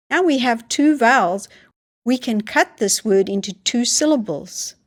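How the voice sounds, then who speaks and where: A woman teaching English phonics to learners, sounding out each word slowly and repeating it. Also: a little high. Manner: slow, deliberate, sounding out words with repetition. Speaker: reading teacher.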